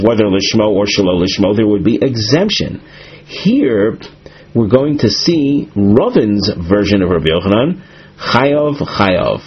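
A man teaching a Talmud lesson, explaining slowly and patiently and stressing key terms. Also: mid-range voice, husky, highs cut off.

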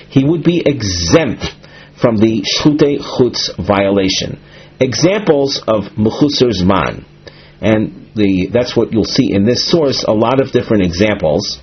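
A man teaching a Talmud lesson, explaining slowly and patiently and stressing key terms. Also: on the low side, husky, muffled recording.

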